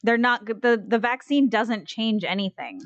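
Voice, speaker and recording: A woman's voice: fairly high pitch, moderate pace, no echo, dull audio. A woman co-hosting a casual podcast, blunt and opinionated. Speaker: podcast co-host.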